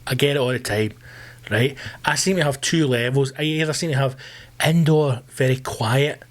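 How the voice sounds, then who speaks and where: Scottish male podcast host, loud, profane, ranting delivery. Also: mid-range voice, normal speed. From Scotland. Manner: loud, sweary ranting, bursts into screamed outbursts. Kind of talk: solo comedy podcast rant.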